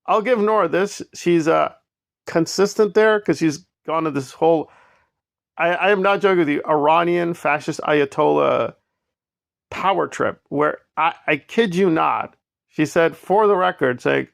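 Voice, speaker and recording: A man with a gravelly, somewhat high voice delivers sarcastic commentary, hammering his points home. The sound is dry and close. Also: measured pace, dry recording. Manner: sarcastic, emphatic, repeats points. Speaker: commentary vlogger. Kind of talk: opinionated commentary on online drama.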